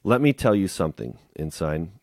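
A man reading aloud the lines of a blunt, fatherly veteran navy master chief in a plain-spoken, steady way. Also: deep voice, normal speed, no echo, studio quality.

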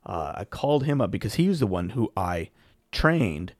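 A man casually telling a long personal story as a podcast host, rambling with frequent restarts and throat-clearing. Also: lowish voice, very animated, moderate pace, a little mellow, no room sound.

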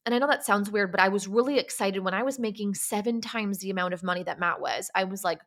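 A woman's voice: mid-range voice, fast talker, hardly any pauses, a bit bright. A young adult woman hosting a solo podcast, talking candidly and confessionally, often saying "like" and restarting her sentences. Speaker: podcast host.

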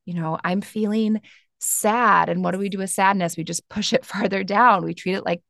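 A woman in her thirties, a meditation teacher, talking gently and reflectively as a podcast guest. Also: lowish voice, fairly even intonation, fast talker, creaky, dry recording, clean studio sound. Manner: gentle, reflective, with soft laughs and filler words. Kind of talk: casual podcast conversation.

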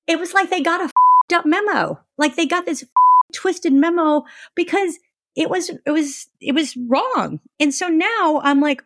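A woman talking as a podcast guest and author, chatty and animated, with lots of fillers. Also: extremely high pitch, measured pace, no room sound. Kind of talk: casual conversational interview.

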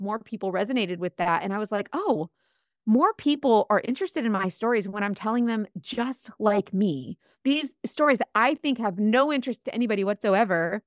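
A woman's voice: a little high, no echo. Chatty Southern woman with dry sound. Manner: chatty, animated, quotes herself often. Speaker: interview guest. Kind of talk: casual storytelling interview.

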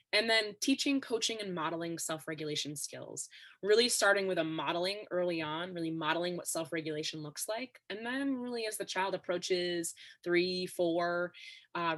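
A woman guest on a podcast interview, explaining ideas in a steady, instructive way. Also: on the low side. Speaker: expert guest.

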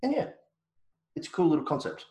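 A man's voice: fairly high pitch, sing-song, a little fast, warm tone, roomy sound, poor audio. An Australian man co-hosting a podcast, chatting in a laid-back, joking way with frequent restarts. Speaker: podcast co-host. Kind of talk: casual chat.

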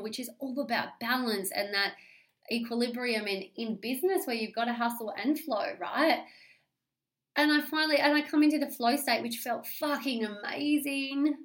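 An Australian woman hosts a solo podcast, talking candidly and at length in a confessional, animated monologue. She swears freely, rambles, and keeps restarting her sentences, and her voice sits a little high.

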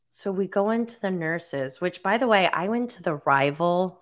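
A woman in her forties talks straight to camera at an unhurried pace, with a voice lower than most. She rambles through her story in a casual, chatty way and leans on "like" as she goes. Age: 40s. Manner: chatty, filler-heavy storytelling with frequent "like". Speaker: mom vlogger. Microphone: camera mic.

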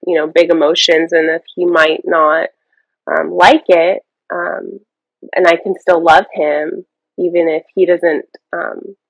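Slow, gravelly-voiced hesitant woman. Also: lowish voice, little pitch movement, dry recording, lo-fi sound. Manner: halting, thoughtful, many pauses. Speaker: coaching client and mother. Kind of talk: hesitant conversation.

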